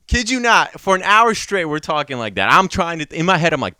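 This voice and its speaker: A man's voice: on the high side, very animated, fairly quick, hardly any pauses, pushed and bright. A young man from Georgia telling a story in casual podcast chat, acting out quotes, swearing and laughing often. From Georgia (country). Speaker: podcast co-host.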